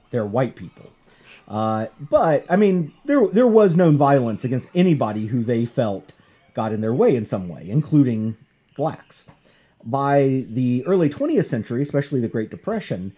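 A man hosting a casual talk show, discussing comics and history in an animated, conversational way. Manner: animated, conversational, jumps in pitch for emphasis. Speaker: podcast host.

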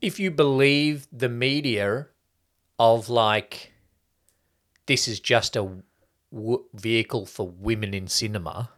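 A man's voice: medium pitch, slow, a bit bright. Emphatic man in casual film chat. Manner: emphatic, swears, argues his point. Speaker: podcast co-host.

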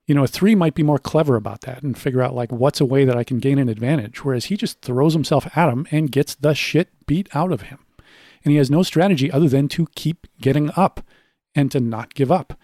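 A man's voice: mid-range voice, fairly quick, dark tone, dry recording, clean studio sound. A man speaking as a podcast guest, working methodically through his notes and building each point with examples. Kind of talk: conversational podcast discussion.

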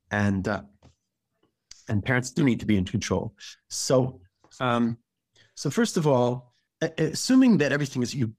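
A rabbi talking through parenting advice in a casual podcast chat, halting and restarting his words often. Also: medium pitch, dry recording.

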